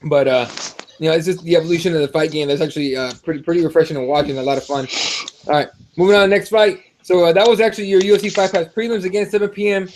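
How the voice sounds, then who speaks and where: A man hosting a casual fight-preview show, animated and swearing freely as he rants. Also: on the high side, racing, slight background noise. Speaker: podcast host. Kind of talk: profane casual fight talk.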